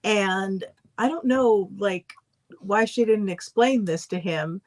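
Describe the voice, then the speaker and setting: A woman with a mid-range voice talks through her ideas in relaxed livestream chat. She explains things at length in a thoughtful way, often using filler words. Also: mid-range voice, takes it slowly. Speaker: livestream co-host. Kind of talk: casual chat.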